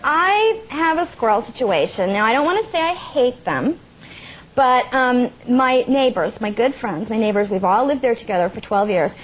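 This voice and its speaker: A woman from the United States, a talk show guest telling stories in an animated, laughing way. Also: on the high side, moderate pace, rough recording. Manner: animated storyteller, laughs often, acts out quotes. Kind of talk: casual chat, telling anecdotes. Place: TV studio with audience.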